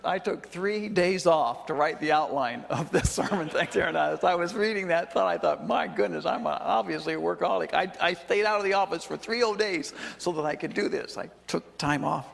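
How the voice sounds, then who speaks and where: A man's voice: on the high side, fairly quick, gravelly, few pauses, long reverb tail. A male pastor preaching a sermon, talking conversationally with chuckling asides and questions to the congregation. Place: church sanctuary.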